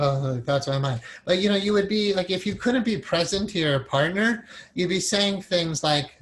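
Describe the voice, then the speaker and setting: A man teaching a recorded meditation class in a casual, animated way, acting out the inner voice of the mind as examples. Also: sits high, moderate pace, slight background noise.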